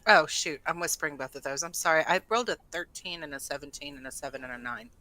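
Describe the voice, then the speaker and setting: A woman playing in a tabletop game, describing her moves quickly and eagerly. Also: deep voice, pushed and bright, slight background noise, low-quality recording. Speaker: player. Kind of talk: casual tabletop play.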